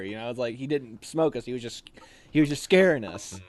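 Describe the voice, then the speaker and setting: An American man telling army stories in a casual, animated way, with loud barked drill commands now and then. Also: on the high side, fast, no echo. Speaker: officer candidate telling stories. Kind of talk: casual storytelling.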